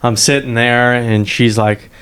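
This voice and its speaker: A man's voice: medium pitch, little pitch movement, a little slow, a bit bright, clean tone. A man co-hosting a podcast, a stand-up comic telling stories in casual, profane chat and laughing often.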